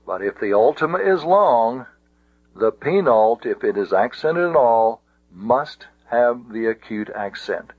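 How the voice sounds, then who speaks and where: A man teaching a Greek grammar lesson in a slow, deliberate way, pausing with many fillers. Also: mid-range voice, animated, husky, no room sound. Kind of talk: recorded lesson. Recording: tinny phone-like audio.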